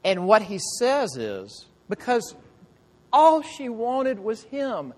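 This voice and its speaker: A man's voice: very high-pitched, big pitch swings, slow. Man preaching in a reverberant hall. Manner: conversational storytelling with rhetorical questions. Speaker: pastor. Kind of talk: sermon. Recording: long reverb of a large hall.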